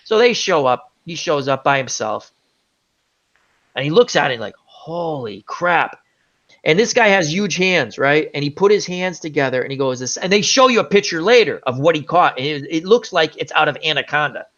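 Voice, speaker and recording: A man's voice: fairly high pitch, fairly quick. A man hosting a casual chat show, telling a long rambling story with lots of asides. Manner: rambling, animated anecdote with many asides. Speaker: host. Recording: dull lo-fi audio.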